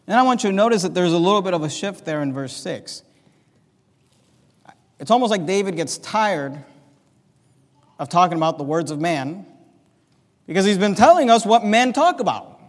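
A man preaching a sermon, swinging between loud, impassioned emphasis and quieter asides. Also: sits high, lively intonation, moderate pace, long pauses. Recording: long reverb of a large hall.

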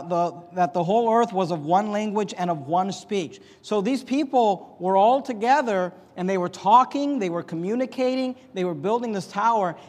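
A man teaching a Bible story lesson, telling it lively and acting out voices, with frequent restarts. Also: high voice. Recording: echoey hall reverb.

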